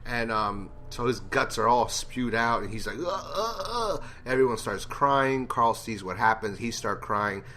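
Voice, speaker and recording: A man's voice: lowish voice, steady tone, normal speed, hardly any pauses, sharp tone. A man giving a casual, rambling TV episode review, blunt and profane in his opinions. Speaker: TV show reviewer.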